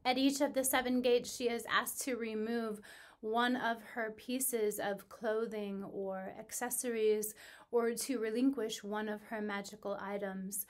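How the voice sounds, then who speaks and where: A woman who works as a spiritual teacher recounts a myth in calm, measured storytelling. She slows and softens on solemn phrases. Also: a little high.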